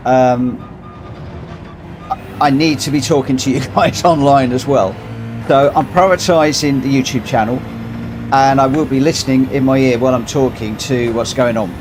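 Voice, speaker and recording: A man's voice: mid-range voice, normal speed, background noise. A man chatting casually on a live stream while he plays a racing game, rambling and thinking aloud as he sorts out his settings. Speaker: streamer hosting a racing lobby.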